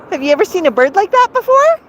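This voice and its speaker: On a live stream outdoors in a residential neighborhood, a middle-aged bird owner coos to her pet bird in a coaxing, sing-song way. Her voice is very high-pitched, and there is slight background noise.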